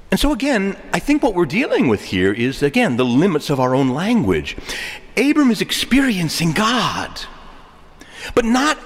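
A man preaching a sermon, animated and joking, asking rhetorical questions to his listeners. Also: high voice. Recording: long echo of a large hall.

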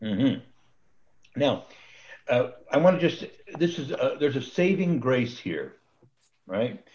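Male Bible study leader on a video call, mid-pitched, rambly, chuckles often, dull audio. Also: sing-song, takes it slowly, a little mellow, slight background noise. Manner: rambling, restarts, chuckles at his own jokes. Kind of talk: casual online Bible study teaching.

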